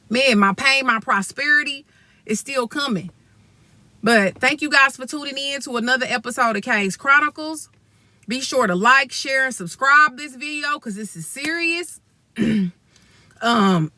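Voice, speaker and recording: A woman's voice: on the high side, pushed and bright, no room sound. A young adult woman venting in an angry storytime vlog, blunt and profane, talking straight to her viewers. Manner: blunt, profane and heated, addresses viewers as y'all. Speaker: vlogger.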